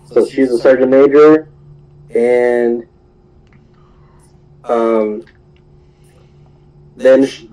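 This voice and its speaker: A young man recapping an anime episode in a loose, rambling way, with lots of "um"s and asides. His voice is mellow and low-key, pitched in a middle range, and reads as unscripted chat. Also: fairly even intonation, extremely slow, long pauses, rough recording. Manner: rambling, full of fillers and laughs.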